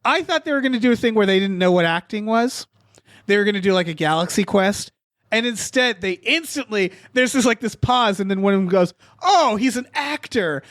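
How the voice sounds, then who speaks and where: High-voiced man chatting about a movie. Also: brisk, no echo, clean studio sound. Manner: animated, swears freely, laughs often. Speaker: podcast host. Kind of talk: casual movie discussion.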